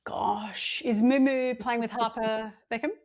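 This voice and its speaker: Woman, Australian accent, slightly high voice, jokey podcast chat on a video call. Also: fairly even intonation, unhurried. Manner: chatty, jokey, with fillers. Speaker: podcast co-host.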